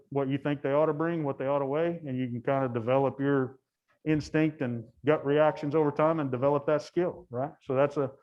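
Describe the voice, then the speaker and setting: A man's voice: fairly high pitch, darkish tone, dull audio. A man casually commenting while he watches cattle, chatty, laughing often and breaking off his sentences. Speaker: guide.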